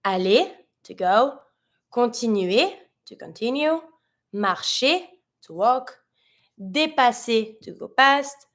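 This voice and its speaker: Female teacher, fairly high voice, patient lesson delivery, repeats and spells out words. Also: fairly bright tone. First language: French. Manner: patient, spells out endings and repeats each word. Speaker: French teacher. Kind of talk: recorded language lesson.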